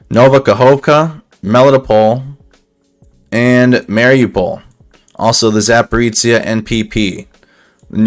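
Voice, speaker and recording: A man giving casual live commentary on war news over a map, thinking aloud with restarts and a slightly dry throat. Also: mid-range voice.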